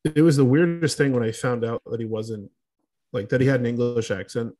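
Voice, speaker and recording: A man's voice: medium pitch, fairly quick, warm tone. A young man co-hosting a podcast in casual chat, rambling and loose. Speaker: podcast co-host.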